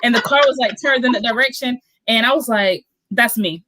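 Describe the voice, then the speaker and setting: A woman guest speaks frankly in a casual podcast chat, her voice a little high. She sometimes pauses to search for words. The sound is dry and close. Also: sharp tone, no room sound.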